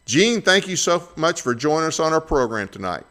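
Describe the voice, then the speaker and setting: A man's voice: fairly high pitch, very animated, brisk, fairly bright tone. A man hosting a political talk show, giving opinionated commentary in a conversational way with frequent fillers. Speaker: podcast host.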